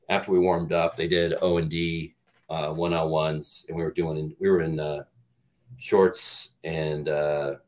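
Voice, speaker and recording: A middle-aged man, a guest on an interview show, telling rambling, profane stories and acting out what others said. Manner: animated storyteller, acts out quotes in a louder, higher voice. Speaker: guest, actor and former football player. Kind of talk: storytelling in an interview.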